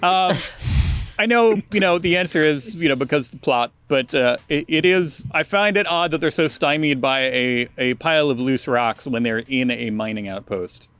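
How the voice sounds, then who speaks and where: A man's voice: fairly high pitch, moderate pace, fairly bright tone, clean tone, no room sound. A man in casual comedic film chat, dry and hesitant, with lots of ums before his points. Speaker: podcast guest commentator.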